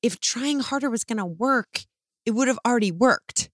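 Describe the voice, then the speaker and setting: A woman's voice: on the high side, normal speed, fairly bright tone, no room sound. A woman co-hosting a podcast, speaking candidly and bluntly and swearing casually. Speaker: podcast co-host.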